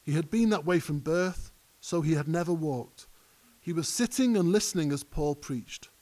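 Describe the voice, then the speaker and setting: Man, pastor, slightly high voice, conversational sermon, emphatic bursts. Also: expressive, moderate pace, a little mellow. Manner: conversational preaching, builds to emphatic peaks. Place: church hall.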